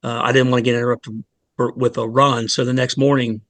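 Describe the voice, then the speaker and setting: A man in his forties, a fire lieutenant, telling an emotional personal story in an earnest, halting way, with many restarts and pauses. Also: medium pitch, flat delivery, a bit bright, no room sound. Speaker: fire department lieutenant, guest.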